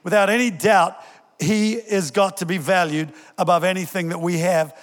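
An older man preaching a sermon as pastor, energetic and joking with his congregation, rising in pitch when he quotes scripture. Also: normal speed. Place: large church hall. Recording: long reverb in a large hall.

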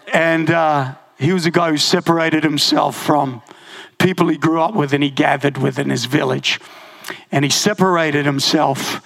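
High gravelly man preaching. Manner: animated storytelling, laughing often. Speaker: pastor. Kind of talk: sermon with personal story.

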